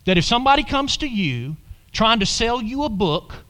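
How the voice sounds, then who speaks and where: A man preaching an animated sermon who keeps asking his listeners questions and calling out "Amen?". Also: extremely high pitch, normal speed.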